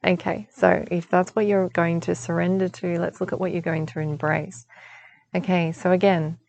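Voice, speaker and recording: A woman's voice: on the low side, flat delivery, moderate pace, creaky, darkish tone, slight background noise, low-quality recording. A woman giving a chatty spiritual guidance talk outdoors, reassuring and laughing often. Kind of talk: casual spiritual forecast talk.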